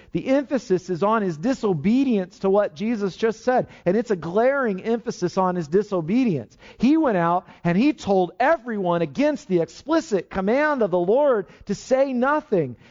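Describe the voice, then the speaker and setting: Man, pastor, sermon, emphatic, lively voice, dull lo-fi sound. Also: high voice. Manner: earnest, emphatic preaching with restarts.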